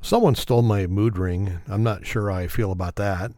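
A man with a fairly low voice reels off dad jokes one after another. He mocks himself and laughs at his own puns. The sound is close and dry, with no room echo. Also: fairly even intonation, normal speed, warm tone. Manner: self-mocking, chuckles at his own jokes. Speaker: joke teller. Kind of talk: telling dad jokes to camera.

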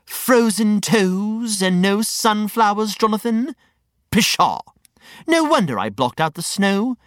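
A pompous, grumpy old know-it-all huffs his words out slowly, as a woman puts him on. His pitch leaps and falls widely in this children's audio story. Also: sing-song, dry recording, clean studio sound. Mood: indignant. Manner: pompous, huffy.

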